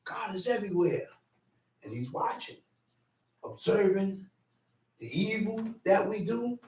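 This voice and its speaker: Animated preacher man, high voice, echoey. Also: measured pace, recorded from a distance. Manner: animated, acts out quarrels with shouting; repeats phrases for emphasis. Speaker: teacher. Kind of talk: street-corner Bible teaching.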